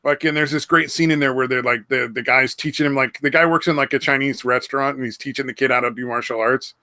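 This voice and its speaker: Casual podcast host, male; bright, forward tone, rambling, swears a lot. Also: medium pitch, fairly even intonation, fast, no room sound. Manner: rambling, swears freely, trails off. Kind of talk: casual chat.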